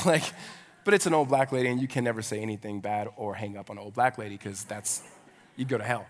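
Chatty pastor in an echoing hall. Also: male voice, mid-range voice, fast. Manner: conversational storyteller, filler-heavy, with rising preaching fervor. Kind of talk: sermon with personal storytelling. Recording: long reverb of a large hall.

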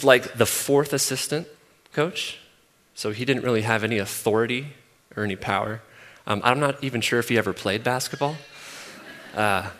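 Emphatic preacher man in a big hall. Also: medium pitch. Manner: emphatic, repeats phrases, swings from loud to soft. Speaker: pastor. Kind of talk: sermon. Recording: long hall reverb.

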